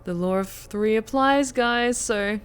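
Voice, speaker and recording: A woman's voice: fairly high pitch, slow pace, smooth. A woman streamer chatting casually through live gameplay, thanking viewers by name. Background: music.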